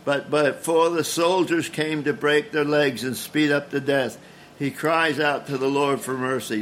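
A man's voice: a little high, steady tone, measured pace, fairly bright tone, slight background noise. A man preaching a sermon in an earnest, emphatic way, often stumbling and restarting words.

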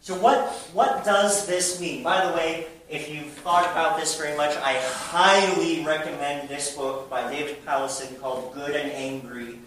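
A man's voice: a little high, a bit bright. A man preaching a sermon to his congregation, emphatic and full of rhetorical questions. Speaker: pastor. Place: church sanctuary. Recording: very echoey room from far off with faint noise.

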